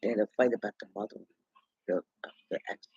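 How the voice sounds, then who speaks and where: A man's voice: fairly low pitch, fairly even intonation, brisk, darkish tone, slightly rough, no echo. A man in a rambling, indignant gossip monologue, talking to himself. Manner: chatty, indignant, talks to himself. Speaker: vlogger. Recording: dull lo-fi dry recording.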